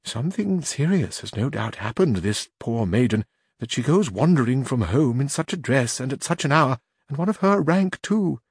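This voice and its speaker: Brief: man voicing a worried court secretary, low and confiding, storybook reading, dry sound. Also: expressive, moderate pace, husky, no room sound. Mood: concerned. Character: concerned male court secretary, hushed.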